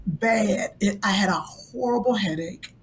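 A woman co-hosting a casual podcast chat, blunt and dry, quick to protest and complain. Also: mid-range voice, a little hiss or hum. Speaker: podcast co-host.

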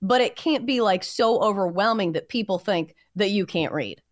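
A woman's voice: mid-range voice, normal speed, dry recording, clean studio sound. A woman from the American South with a light Southern accent, co-hosting a podcast and chatting casually with her co-host. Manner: animated, chatty, questioning. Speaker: co-host, journalist. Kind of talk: casual chat.

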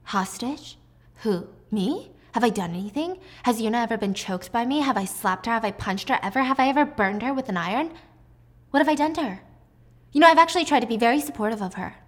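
A woman reading the lines of a calm, cold-blooded female teacher near forty, sounding composed and cutting. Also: fairly high pitch, fairly quick. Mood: cool.

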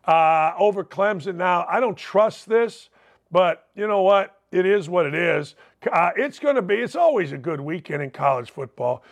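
A man's voice: sits high, lively intonation, normal speed, vocal fry. A man hosting a sports talk show, delivering a brash, rambling opinion monologue with punchy asides.

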